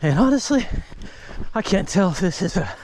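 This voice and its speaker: A man's voice: high-pitched, big pitch swings, moderate pace, a little mellow, a little hiss or hum. A man talking candidly and reflectively into a handheld phone on an outdoor nature trail, spurring himself on as he walks and jogs. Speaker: bereaved father vlogging. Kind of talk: candid walking-and-jogging vlog.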